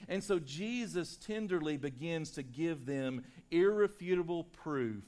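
A male pastor preaching a sermon to his church, swinging between loud, emphatic lines and hushed, quiet ones. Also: fairly high pitch, expressive, moderate pace, few pauses. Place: church sanctuary.

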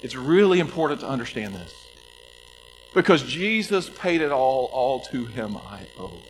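A pastor preaching a sermon, stressing scripture slowly and dropping to soft appeals. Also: male voice, mid-range voice, big pitch swings, slight background noise, rough recording. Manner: emphatic, slows down to stress scripture, drops to soft pleas.

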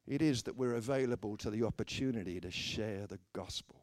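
A man's voice: fairly low pitch, fairly quick, darkish tone, no echo. A British man preaching a humorous sermon, telling stories and acting out the voices of the people in them with dry, self-mocking wit. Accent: British English. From Britain. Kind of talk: humorous sermon with acted anecdotes.

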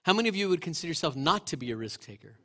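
Male pastor, middle-aged, conversational sermon delivery, lively scripture storyteller, a touch high-pitched. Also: rapid-fire. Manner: conversational, asks the congregation questions. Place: church sanctuary.

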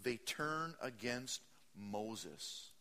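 A man preaching a sermon. He reads scripture aloud, stops to comment, and swings between loud bursts and hushed asides. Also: medium pitch, expressive, drawn-out words, long reverb tail. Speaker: pastor.

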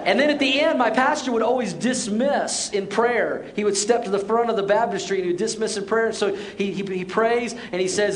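A middle-aged man preaching to his congregation in a church auditorium, with a notably high voice. He tells stories lively, voices the people in them, and slows to a deliberate pace for emphasis. A faint room ambience sits under the recording. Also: a little hiss or hum. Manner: storytelling, acts out quotes, shifts to slow emphatic lines. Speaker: pastor. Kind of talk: sermon with personal story.

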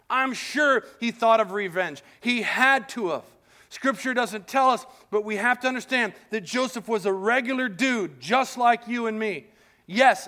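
A man pastor preaching a sermon in a casual, animated storytelling manner. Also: high voice.

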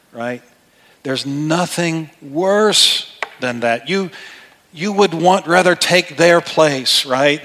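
Preaching from the pulpit, a middle-aged male pastor shifts between conversational and emphatic in a bright, forceful, medium-pitched voice. Every phrase trails off into the long reverb of a large church hall.

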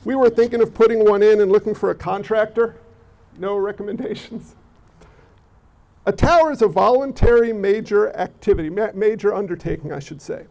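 A high-voiced man with a gravelly edge, preaching with lively energy and frequent restarts. The recording is muffled and lo-fi. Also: brisk. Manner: animated, repeats words, acts out quoted people. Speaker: pastor. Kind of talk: sermon. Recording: dull lo-fi recording.

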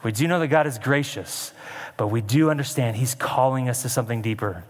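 A man's voice: mid-range voice, brisk, long reverb tail. A man preaching a sermon in a conversational way, adding wry asides to the scripture reading. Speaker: pastor.

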